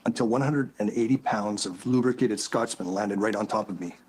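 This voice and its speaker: A man plays a stern, older school superintendent with a stiff, scolding manner. His voice sits low and husky. It is parody voice acting for a fan video. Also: brisk, a little mellow.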